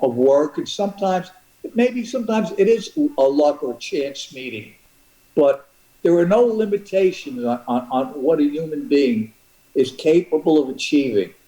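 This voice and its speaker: An older man speaking as a guest on a broadcast interview, earnest and halting, with many restarts. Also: a little high, mellow. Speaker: guest, boxing manager. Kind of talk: reflective interview talk. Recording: roomy echo.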